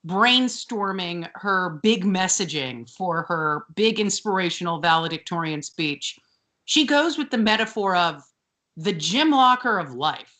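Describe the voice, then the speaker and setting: A woman's voice: fairly low pitch, expressive, measured pace, sharp tone. A woman co-hosting a podcast in casual chat, chatty, with many fillers and frequent laughs. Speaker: podcast co-host.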